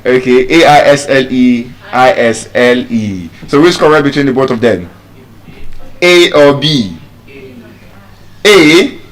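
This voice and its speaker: A man with a Nigerian English accent leads a live pronunciation class at an unhurried pace. His voice sits at a middle pitch. He drills words over and over with deliberate care. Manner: deliberate, drills words by repeating them slowly. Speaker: pronunciation teacher. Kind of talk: live public speaking lesson.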